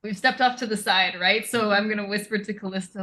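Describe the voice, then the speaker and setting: A woman talks wryly through a tabletop game. Her voice is bright and sharp. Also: mid-range voice, fairly even intonation, a little fast. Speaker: player. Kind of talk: casual tabletop game talk.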